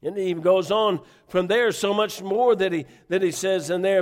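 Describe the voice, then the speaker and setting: A man's voice: sits high, moderate pace, few pauses. A man preaching a sermon, fervent and conversational, repeating phrases and restarting lines as he builds. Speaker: pastor.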